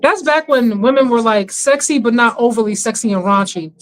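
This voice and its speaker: High-voiced woman in slangy chat. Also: poor audio. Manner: chatty, slangy, laughs often, fast asides. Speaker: co-host of a livestream watch-along. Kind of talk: casual chat reacting to a livestream.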